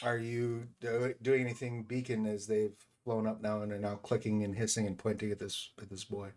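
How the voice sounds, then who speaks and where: A man's voice: fairly low pitch, little pitch movement, normal speed, a little mellow. A man running a tabletop game as game master, narrating loosely with many fillers. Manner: loose, filler-heavy, laughs easily.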